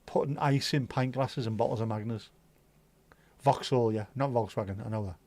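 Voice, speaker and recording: A middle-aged man chats through a livestream, rambling from one topic to the next. His talk is loose and sweary, full of banter for the viewers. His pitch sits in the middle range. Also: moderate pace, mellow, no room sound. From Liverpool, England. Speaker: livestream host. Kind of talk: casual chat reading viewer comments.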